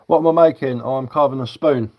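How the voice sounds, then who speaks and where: A man's voice: medium pitch, quick pace, dull audio. A man with a southern English accent chatting casually on a live stream as he carves wood, rambling and answering viewer comments while he works.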